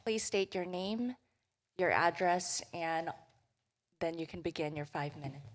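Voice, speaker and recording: A woman chairing a city council meeting, making brisk procedural announcements. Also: fairly low pitch.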